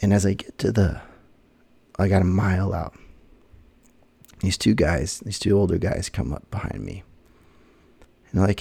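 A man hosting a podcast, telling a personal story in an earnest, halting way, often restarting his sentences and speaking with quiet emotion about faith. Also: low-pitched, fairly even intonation, creaky, husky. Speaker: podcast host.

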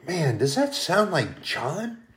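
A man's voice: on the high side, sing-song, takes it slowly, a bit bright. A man preaching a sermon as a pastor, earnest and fond of repeating phrases for emphasis. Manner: earnest, repetitive preaching cadence.

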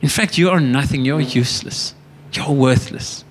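A preacher putting on a low, scornful devil. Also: male voice, normal speed, slight background noise, close to an everyday voice. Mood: accusing. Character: accusing devil, scornful and belittling. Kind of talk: sermon.

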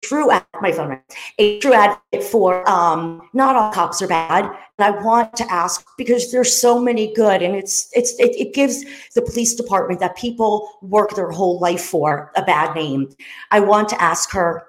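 A woman's voice: medium pitch, normal speed, soft background music. A woman in her fifties hosting her show, talking in an earnest, rambling way with frequent side notes. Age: 50s. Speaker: show host. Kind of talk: casual monologue. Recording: roomy echo.

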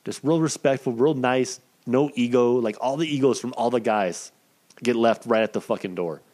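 A wrestling cameraman in his thirties tells a story casually, cursing constantly. He's animated, and his pitch jumps up and down quickly.

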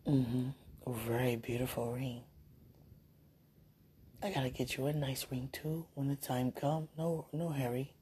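A woman's voice: a bass voice, steady tone, unhurried, long pauses, dark tone, slightly rough. A woman leaving a tender, teasing phone message for her partner, with the phone held close to her mouth. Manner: tender, sweet-talking, teasing.

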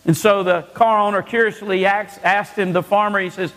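A male pastor preaches with a high voice and an emphatic delivery, often stumbling and restarting his phrases. His voice rings through a church sanctuary with a long reverb trailing behind it. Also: fairly even intonation, moderate pace, fairly bright tone. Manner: emphatic, with frequent stammered restarts. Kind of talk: sermon.

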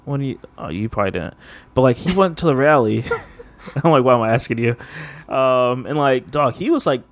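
A man's voice: mid-range voice, animated, moderate pace, a little hiss or hum. A man co-hosting a podcast, chatting casually and rambling, with lots of filler words and frequent laughs. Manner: rambling, heavy use of "like", laughs often. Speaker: podcast co-host. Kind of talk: casual chat.

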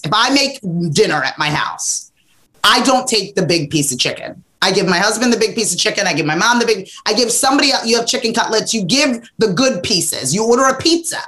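Animated woman telling stories. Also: medium pitch. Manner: animated, emphatic storytelling with acted-out quotes. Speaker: podcast guest, entrepreneur. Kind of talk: casual interview storytelling.

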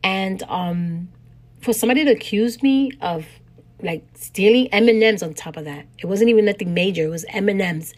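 A woman in middle age talks straight to her podcast listeners, telling a story from her own life. Her delivery is casual and animated, turning indignant in places, with frequent laughter, and her voice sits at an ordinary mid pitch. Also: moderate pace. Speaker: podcast host.

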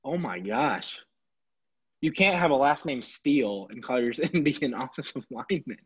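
A man ranting casually and sarcastically about his football team, exasperated and animated. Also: mid-range voice, moderate pace, husky. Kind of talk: casual sports rant. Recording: dull lo-fi recording.

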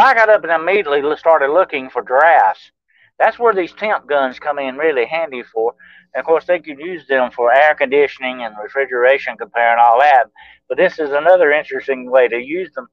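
A man's voice: fairly high pitch, brisk, muffled recording. A man talking as a guest investigator on a chat show, explaining things earnestly with lots of fillers. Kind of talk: casual chat.

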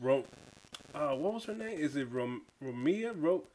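A man hosting a podcast, reviewing a film in casual chat, animated and laughing often, stumbling over names. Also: a little high, a little slow, a loud crowd. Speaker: podcast host.

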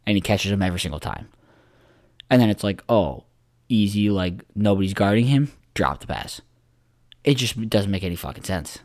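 A man with a deep, low voice talks sports on a casual podcast. He rambles, swears freely and leans on filler words. The sound is dry, with no room echo. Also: animated, moderate pace, darkish tone. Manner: rambling, profane, lots of "like" fillers. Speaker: podcast co-host.

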